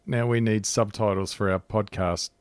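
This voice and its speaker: Low-voiced man, halting and laughing. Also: fairly even intonation, clear, resonant tone, no echo. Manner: halting, laughs often, restarts sentences. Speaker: podcast co-host. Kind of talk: casual chat.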